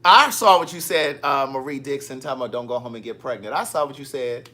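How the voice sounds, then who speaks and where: A man's voice: mid-range voice, fast talker, bright, forceful tone. A man hosting a casual livestream, chatting and teasing as he reads viewer comments. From Maryland. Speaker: livestream host. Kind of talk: casual live chat.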